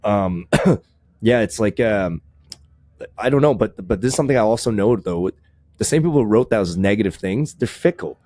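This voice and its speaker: A man hosting a podcast, talking in a rambling, casual way, swearing freely and often restarting his sentences. His voice sits a little low. The recording is close and dry. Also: expressive, moderate pace, a little mellow, no room sound. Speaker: podcast host. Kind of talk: casual chat.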